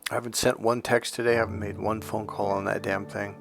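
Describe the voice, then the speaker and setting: Gravelly low-voiced man telling a story. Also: level tone, fast talker, over music. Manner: rambling, restarts words, folksy asides. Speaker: dating and relationship coach. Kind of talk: casual storytelling monologue.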